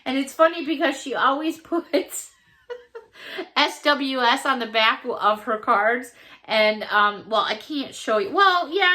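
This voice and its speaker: A woman from Chicago talks with a high, bright voice. She chats casually as a vlogger, gushing and laughing easily. Her delivery is slow and unhurried. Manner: effusive, gushing, laughs often. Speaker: vlogger opening fan mail. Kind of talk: casual chat.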